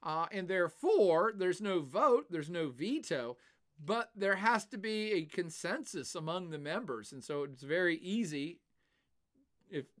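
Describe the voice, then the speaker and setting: Older male streamer, animated and chatty, answers viewer questions. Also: sits high, a little slow. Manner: animated, laughs often, puts on silly voices. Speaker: livestream host. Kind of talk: casual livestream chat, answering chat questions.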